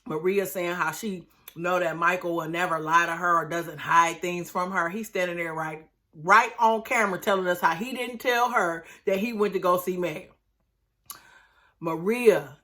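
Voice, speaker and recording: A woman's voice: on the low side, normal speed, sharp tone. A woman casually recapping a reality TV episode, chatty and exclamatory, acting out what the people said. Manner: chatty, exclamatory, acts out quotes in dropped voices.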